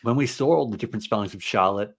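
Man, podcast co-host, lower voice, measured chat.

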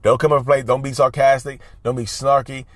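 A man's voice: mid-range voice, flat delivery, fairly quick, no room sound. Emphatic man advising viewers, dry sound. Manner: emphatic, repetitive, often says y'all. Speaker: advice vlogger. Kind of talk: casual talk to camera.

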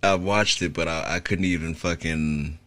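A man's voice: deep voice, fairly even intonation, moderate pace, a crowd in the background. A man from Southern California talking in casual, laid-back podcast chat, full of fillers and swearing. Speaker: podcast co-host.

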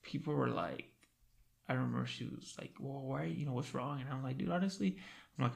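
Speaking a little fast in a creaky, mid-range voice, this young podcast host chats through stories. He's profane and drops "dude" constantly, every few words.

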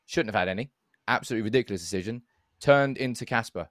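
Fast, dry-sounding man co-host, animated banter storyteller. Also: on the low side, dry recording. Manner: animated storyteller, swears freely. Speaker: podcast co-host. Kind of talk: casual banter, anecdote telling.

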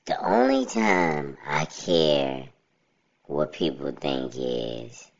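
Man in a deep pitched-down robotic voice. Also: big pitch swings, extremely slow, creaky, dull audio. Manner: blunt and rambling, often says "you know what I'm saying". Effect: pitched-down robotic voice filter. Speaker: podcast host. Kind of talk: casual solo podcast monologue.

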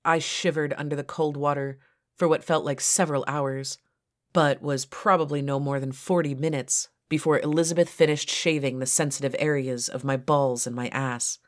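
A woman author narrating her own first-person story in a steady, low-key reading. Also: normal speed.

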